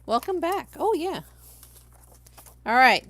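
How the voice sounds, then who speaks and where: A woman's voice: high voice, sing-song, slow pace, a bit bright, slight background noise. A young adult woman from Los Angeles, chatting casually on a live stream and talking viewers through each crafting step.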